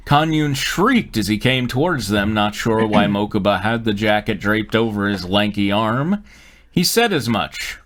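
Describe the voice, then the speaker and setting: A man's voice: on the low side, a little slow. A man hosting a live stream, reading fanfiction aloud with jokes and frequent laughter. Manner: joking, laughs often, lively reading.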